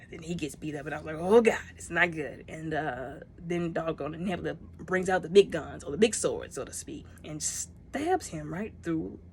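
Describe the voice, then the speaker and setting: A woman casually reviewing a movie, chatty and emotional, talking straight to her viewers and acting out the characters' lines in quick bursts. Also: low voice, a little mellow.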